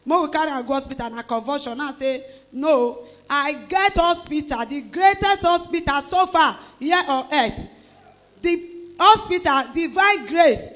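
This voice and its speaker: A middle-aged woman with a Nigerian Pidgin English accent gives an emotional church testimony, telling her story with animated exclamations and acting out the voices of others. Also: high voice, measured pace. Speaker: church member giving testimony.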